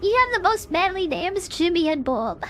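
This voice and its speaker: A woman's voice: very high-pitched, big pitch swings, normal speed, background noise. A woman streamer giving chatty, casual commentary while playing a game and talking to her chat. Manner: chatty, filler-heavy, talks to chat.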